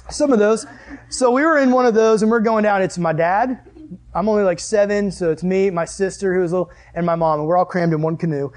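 Animated high-voiced young preacher. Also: male voice. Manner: animated, jokey, acts out the characters in his stories. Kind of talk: youth sermon storytelling.

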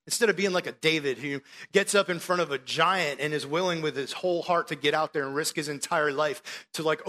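A man preaching a sermon with animated storytelling, acting out the voices in the story. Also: fairly high pitch.

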